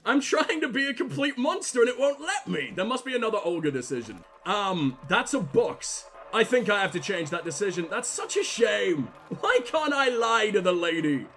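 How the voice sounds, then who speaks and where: A man's voice: high voice, fairly bright tone. A man giving crude, sardonic let's play commentary while he plays a game. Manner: sardonic, crude, rambling jokes. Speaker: gaming streamer.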